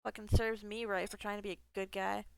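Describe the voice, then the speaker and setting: A woman's voice: mid-range voice, little pitch movement, brisk, gravelly, a little mellow, dry recording, rough recording. A woman gaming streamer reading a text game aloud, breaking off into casual asides, swearing freely and laughing at herself.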